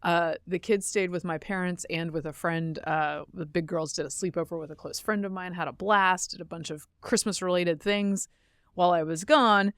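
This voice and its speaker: A middle-aged woman with a somewhat low voice chats as a podcast co-host. She tells stories, laughs easily and corrects herself as she goes. The sound is close and dry, with no room around her. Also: steady tone, normal speed, a bit bright, smooth, dry recording. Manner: chatty storyteller, laughs easily, self-correcting. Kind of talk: casual chat.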